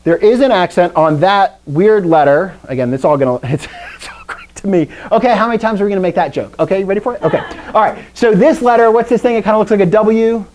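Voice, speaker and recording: A woman's voice: mid-range voice, fast talker, hardly any pauses, a little mellow, slight background noise. A woman teacher leads a live lesson over a video call, chatty and joking as she quizzes her class.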